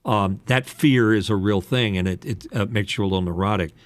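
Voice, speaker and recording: A man's voice: fairly low pitch, a little fast, dry recording. A man hosting a broadcasting podcast, giving rambling, digressive advice full of ums and uhs. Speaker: podcast host. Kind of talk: casual advice chat.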